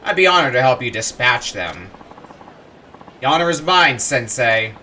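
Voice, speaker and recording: A man's voice: medium pitch, sing-song, normal speed, bright, forceful tone, slight background noise. A man voicing an earnest, principled young foreigner who wants to be a samurai, reading game lines aloud. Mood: resolute.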